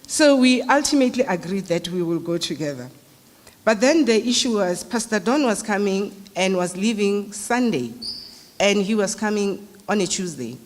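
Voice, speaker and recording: A woman's voice: mid-range voice, lively intonation, moderate pace. A middle-aged South African woman giving a eulogy at a memorial service, in a conversational, anecdotal storytelling way. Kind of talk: memorial speech. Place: large hall. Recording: long reverb of a large hall.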